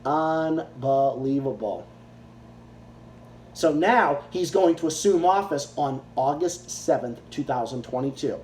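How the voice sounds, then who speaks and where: A man's voice: fairly high pitch, moderate pace, hardly any pauses, a little mellow, a little hiss or hum. A man ranting angrily in a profane, repetitive way, giving political commentary. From Massachusetts, US. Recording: echoey room.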